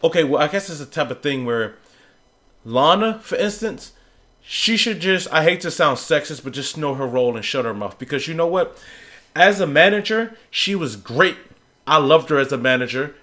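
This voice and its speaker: A man's voice: a little high, animated, moderate pace, bright, forceful tone. A man co-hosting a casual podcast, giving opinionated takes and often rising into exasperated rants. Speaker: podcast co-host. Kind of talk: casual wrestling talk.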